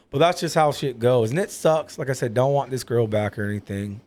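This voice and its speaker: A man's voice: medium pitch, moderate pace, a little mellow. A man talking openly as a podcast guest, rambling and full of fillers. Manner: rambling, filler-heavy, candid. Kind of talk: casual personal talk.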